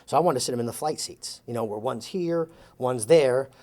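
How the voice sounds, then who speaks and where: A man of middle pitch tells a long anecdote in an interview. His storytelling is animated, and he jumps into quoted lines with shifts in voice. He chuckles as the story unfolds. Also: fairly quick. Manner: chuckles while telling the story. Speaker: interview guest telling an anecdote.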